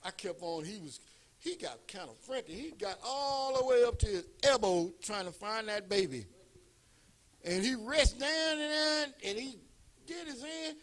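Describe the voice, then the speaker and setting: A male pastor telling a personal story in a sermon, animated and building up to shouts. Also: very high voice, unhurried.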